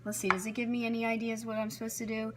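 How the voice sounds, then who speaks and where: Speaking very fast in a slightly high, monotone voice, a home cook narrates a casual cooking vlog from her kitchen. She chats to the camera, thinking aloud while chopping vegetables and following a recipe, over a noisy background of clattering knives, dishes and pans.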